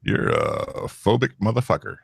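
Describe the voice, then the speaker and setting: A man co-hosting a casual podcast, reading out quiz questions in an animated way, swearing and laughing often. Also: lowish voice, moderate pace, gravelly, very noisy. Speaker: co-host running a quiz. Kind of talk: casual banter.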